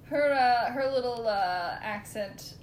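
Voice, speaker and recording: A young woman with a slightly high voice talks in a relaxed, wry way on a casual podcast. She often trails off and restarts. The room is echoey and has a faint low rumble behind her. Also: slow pace. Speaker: guest co-host.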